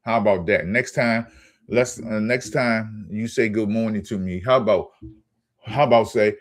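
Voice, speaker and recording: A man's voice: fairly low pitch, normal speed. Heated, profane man ranting. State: angry. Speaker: sports channel host. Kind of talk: ranting sports commentary.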